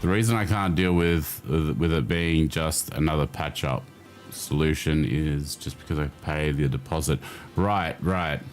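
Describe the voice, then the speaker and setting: A man's voice: rumbling low, a little slow, faint music behind. A man with an Australian accent hosting a casual livestream chat, reading his chat aloud, swearing freely and laughing often. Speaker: livestream host.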